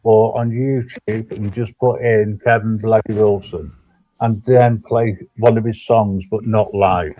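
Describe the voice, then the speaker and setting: A man's voice: fairly low pitch, fairly even intonation, a little slow, dark tone, no echo. Laid-back teasing male streamer. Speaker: stream co-host. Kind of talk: casual chat.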